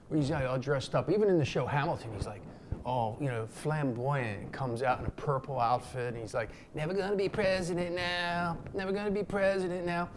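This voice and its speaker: A man's voice: medium pitch, a little hiss or hum. A man from Philadelphia talks off the cuff to his camera, wandering between thoughts. He fills his speech with ums, slang and the odd curse, and he jumps into quoted voices when telling a story. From Philadelphia, USA. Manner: rambling and loose, with many fillers, slang and swearing; acts out quotes in a raised voice. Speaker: vlogger. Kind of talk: casual unscripted talk to camera.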